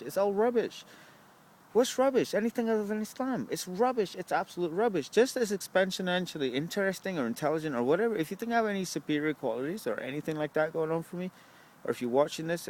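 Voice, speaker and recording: A man's voice: high voice, a little mellow. A young man, rambling to the camera at a bus stop, swearing often and asking "right?" a lot. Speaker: vlogger.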